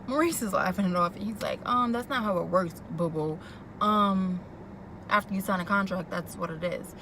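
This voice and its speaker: A woman's voice: medium pitch, normal speed, slight background noise. Sassy woman recapping a TV episode. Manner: animated, quoting characters and reacting with sass. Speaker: TV recap vlogger. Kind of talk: casual chat recapping a TV episode.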